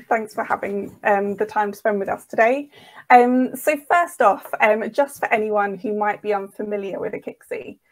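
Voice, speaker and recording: A woman's voice: medium pitch, moderate pace, rough recording. Woman host on a video call, friendly, asks questions with a few ums. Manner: friendly, with fillers and "mm" listening sounds. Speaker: host, editor. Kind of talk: business interview.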